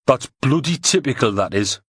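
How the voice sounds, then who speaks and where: A man voicing a blunt, grumbling thug with a gruff manner. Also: medium pitch, animated, normal speed, no echo, studio quality, voice pushed up.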